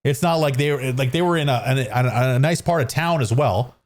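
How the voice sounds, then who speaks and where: A man's voice: mid-range voice, moderate pace. A man streaming from his home gaming setup on a studio microphone, telling a story in a rambling, self-mocking way full of restarts and fillers. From Canada. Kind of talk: casual storytelling while gaming. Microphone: studio dynamic microphone.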